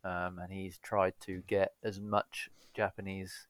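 A man's voice: low-pitched, little pitch movement, takes it slowly, no echo. A man co-hosting a gaming podcast in casual chat, laid-back and rambling, often correcting himself mid-sentence. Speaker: podcast co-host.

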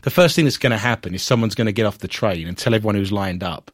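A man's voice: lowish voice, quick pace, hardly any pauses, no room sound, clean studio sound. A man from Britain co-hosting a casual chat, reading news aloud and cutting in with sarcastic, mocking asides. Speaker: podcast co-host.

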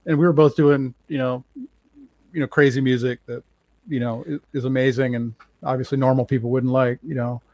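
A man's voice: mid-range voice, moderate pace, no room sound. A man who runs a record label, telling stories in a rambling casual chat with many fillers. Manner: rambling, animated, acts out quotes with many fillers.

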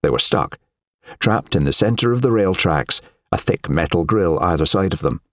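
A man narrating an audiobook in a measured, expressive storytelling manner. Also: sits low, no echo, studio quality. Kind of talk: scripted narration.

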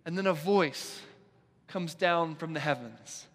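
A man with a high, light voice preaches a sermon, slow and unhurried, leaning on words and letting pauses hang. His voice rings through a church sanctuary with a long, lingering reverb trailing each phrase. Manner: deliberate, emphatic delivery with dramatic pauses. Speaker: pastor.

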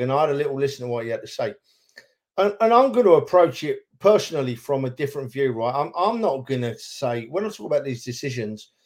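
A man with a medium-pitched, darkish voice co-hosts a football podcast in casual chat. A football fan, he speaks with feeling and repeats himself for emphasis.

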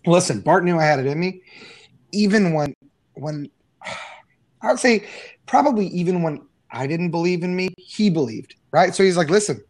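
A middle-aged man talking casually as an interview guest, telling energetic stories with frequent fillers and restarts. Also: high-pitched, moderate pace, no room sound. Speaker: guest, business owner.

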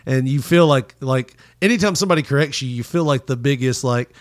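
A man with a Southern US accent talks in a loose, joking way, dropping swear words into his stories. His voice sits in a middle pitch, and the sound is dry and close with no room echo. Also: brisk. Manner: joking, profane storyteller. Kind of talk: casual chat.

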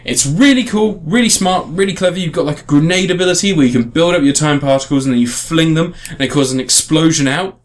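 A man's voice: fairly high pitch, fast, few pauses. A man in casual podcast chat, reviewing a game in a rambling way with frequent restarts. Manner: rambling, restarts often, animated emphasis.

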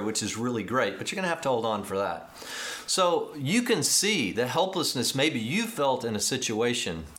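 A man preaching a sermon, telling a story with animated, acted-out dialogue and excited emphasis. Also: mid-range voice. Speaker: pastor.

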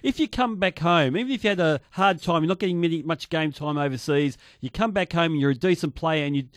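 A man co-hosts a sports talk radio show and thinks aloud with many stops and restarts. His voice sits a little high. The studio sound is dry and close. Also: quick pace, no echo. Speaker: co-host.

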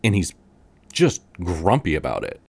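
Guy with a really deep voice, casual podcast co-host, rambles a bit, dry sound. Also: wildly swooping pitch, measured pace, gravelly, darkish tone, breathy edge, no room sound. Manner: rambling, many fillers, puts on voices for quotes. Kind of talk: casual chat.

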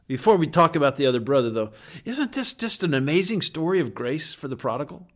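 Emphatic male preacher, slightly high voice. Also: sing-song, a bit bright. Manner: earnest, emphatic preaching with dramatic pauses. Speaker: pastor. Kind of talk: sermon.

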